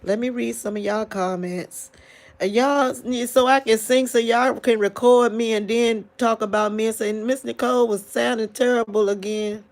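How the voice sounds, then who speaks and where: A woman in a late-night livestream talking to her viewers, grieving and tearful, halting often with restarts. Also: on the high side, steady tone. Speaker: livestream vlogger.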